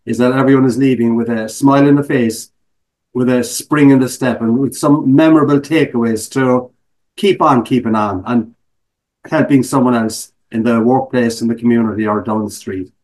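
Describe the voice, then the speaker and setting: With a medium pitch that's a little mellow, a middle-aged Irish man speaks in an Irish accent at a moderate pace and fairly even intonation. He's a guest speaker sharing stories in a casual interview, full of self-mocking humor.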